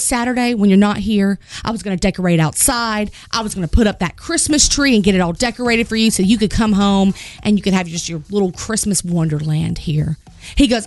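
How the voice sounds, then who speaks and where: A woman's voice: brisk, faint music behind. A woman co-hosting a radio show, telling a long story in casual chat and acting out the voices in it. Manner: animated, acts out quoted voices with big pitch jumps.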